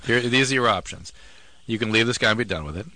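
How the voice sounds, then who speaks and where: Fast, bright-voiced man giving blunt advice. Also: mid-range voice, no room sound. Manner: direct and advising. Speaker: radio advice co-host. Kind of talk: call-in advice talk.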